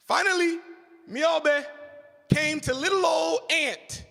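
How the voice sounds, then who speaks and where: A man's voice: very high-pitched, a little slow, pauses often, bright, forceful tone. A man who co-hosts a radio show, giving a rousing fundraising speech and telling a story live, with call-and-response. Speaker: radio co-host, fundraiser speaker. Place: church hall, live event. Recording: reverberant church hall.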